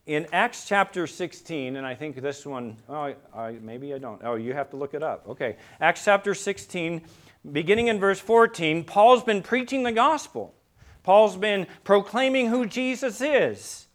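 A fairly high-voiced man preaching a sermon with a lot of dynamic swing. He drops to a hushed, low delivery and then climbs to loud, emphatic peaks, often asking his listeners questions. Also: animated, normal speed. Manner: asks the congregation rhetorical questions. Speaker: pastor.

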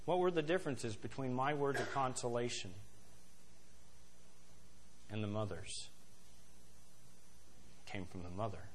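A male pastor preaching a sermon, who swings from soft, low asides to loud, rising emphasis and quotes scripture and hymn lines in a slow, stressed cadence. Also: a little hiss or hum.

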